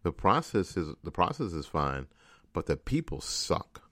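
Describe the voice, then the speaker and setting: A radio host with a deep, low voice rants angrily through a political commentary monologue, frustrated and circling back over the same points repeatedly. His delivery is sing-song and a little slow with a fairly bright tone, and the recording is dry and close with no room sound.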